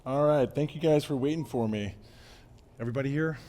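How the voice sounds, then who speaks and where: A man giving a casual live-coding talk at a meetup, losing his voice and clearing his throat, with fillers and restarts. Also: medium pitch, fairly quick, dark tone. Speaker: meetup presenter. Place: meetup room.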